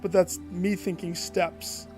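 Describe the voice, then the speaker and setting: A man with a high voice gives unhurried commentary while he plays a video game. He thinks out loud and talks to himself and his viewers as he works through his choices. Faint game music plays behind him. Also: flat delivery. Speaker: game streamer. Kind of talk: gameplay commentary.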